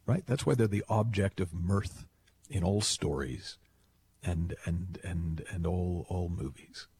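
A man hosting a call-in radio show, talking in a playful, animated storytelling way. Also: takes it slowly, slight background noise. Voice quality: deep gravelly voice. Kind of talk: conversational radio monologue.

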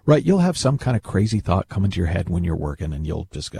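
Deep, dark-toned male speaker, with lively intonation, giving a casual talk and repeating words as he thinks. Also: quick pace, creaky, few pauses, husky. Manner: animated, repeats words while thinking aloud.

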